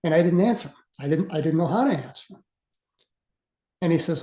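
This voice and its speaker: A man in his sixties tells his story as a guest speaker, earnest and halting, with frequent uhs and restarts. His voice is mellow and dark. It was recorded with a roomy echo around it. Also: on the high side. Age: 60s. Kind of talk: casual storytelling.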